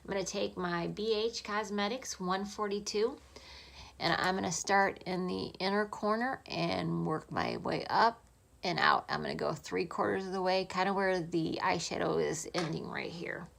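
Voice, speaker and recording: A woman talking through a makeup tutorial in a soft, chatty voice, often dropping to a half-whisper. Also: fairly low pitch, vocal fry. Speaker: makeup vlogger.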